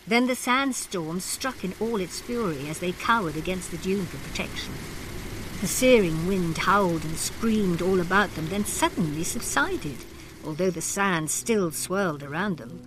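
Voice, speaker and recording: Lower-voiced woman narrating expressively. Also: normal speed, background noise. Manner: dramatic, expressive reading. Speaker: storyteller. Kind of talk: scripted narration.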